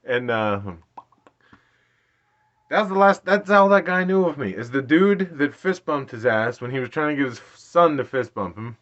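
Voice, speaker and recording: A man's voice: a little high, lively intonation, moderate pace, a bit bright. Late-30s man, self-deprecating storyteller with frequent laughter; dull lo-fi recording. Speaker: vlogger. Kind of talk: casual storytelling.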